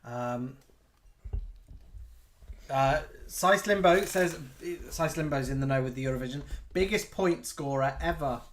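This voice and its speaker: A man's voice: medium pitch, unhurried, a bit bright. A man co-hosting a live chat show, rambling and giggly in casual talk.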